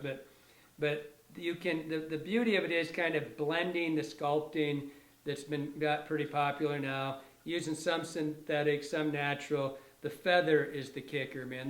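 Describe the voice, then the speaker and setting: Demonstrating fly tying casually at a fly shop bench, a middle-aged instructor speaks in a fairly high voice with a roomy sound. Enthusiastic and rambling, he often self-corrects and starts sentences over.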